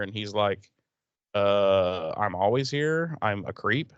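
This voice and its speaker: A man co-hosting a podcast, casually recapping an episode, cursing and acting out characters in quick voices. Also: lowish voice, smooth, no echo, lo-fi sound. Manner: profane, animated retelling with quick put-on voices for characters. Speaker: podcast co-host.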